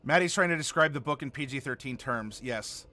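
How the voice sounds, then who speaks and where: A man's voice: mid-range voice, a little fast, bright, forceful tone. A man hosting a live stream, chatting casually and answering viewer comments while he builds a game character. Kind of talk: casual livestream chat.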